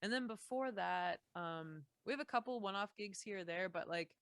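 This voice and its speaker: A woman's voice: mid-range voice, moderate pace, a bit bright, no room sound. A young Canadian woman from Saskatchewan, a musician guest chatting casually on a podcast with lots of fillers and restarts.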